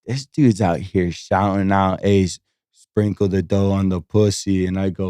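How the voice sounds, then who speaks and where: Low-voiced man telling rambling stories. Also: fairly even intonation, unhurried, a little mellow, clear, resonant tone, dry recording. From Las Vegas. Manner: rambling storytelling, swears a lot, acts out quotes. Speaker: podcast guest, strip club host. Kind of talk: casual podcast chat.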